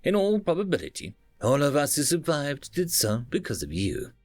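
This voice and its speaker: A man's voice: a little high, huge pitch swings, moderate pace, a little mellow, dry recording, soft background music, pitched above the performer's own voice. A man voicing a blunt, commanding starship captain who gives firm, clipped orders in a raised voice.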